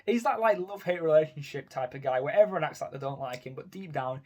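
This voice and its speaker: Chatty man, slightly high voice. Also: fast, darkish tone. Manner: chatty, keeps adding tag questions. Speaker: gaming video host. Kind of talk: casual tier-list commentary.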